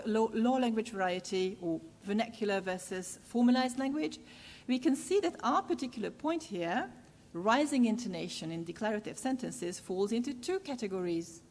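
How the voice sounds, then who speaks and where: Woman lecturer, mid-pitched, measured with many "uh" pauses, reverberant hall, faint rumble. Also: a little mellow. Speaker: university lecturer. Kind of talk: academic lecture.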